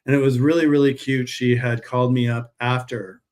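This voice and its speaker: A man's voice: mid-range voice, flat delivery, normal speed, a little mellow. A man chatting casually on a live stream while packing orders, telling rambling stories in a friendly sales manner. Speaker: herbal pet supplement seller.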